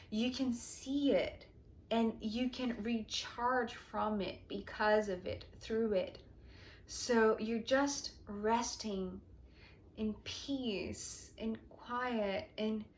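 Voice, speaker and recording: A woman gives a tarot reading at an unhurried, drawn-out pace. Her voice sits at a middling pitch and stays gentle and hushed, now and then sinking almost to a whisper as she muses. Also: a little hiss or hum. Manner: slow, soft and dreamy, often dropping to a near whisper. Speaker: tarot reader. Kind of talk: intuitive tarot reading monologue.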